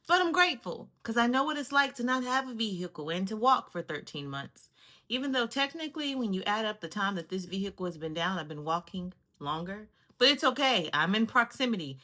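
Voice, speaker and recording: Bright-voiced woman, calm storytelling host. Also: medium pitch. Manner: calm, sighing, self-soothing asides. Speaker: vlog host. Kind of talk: reflective casual storytelling.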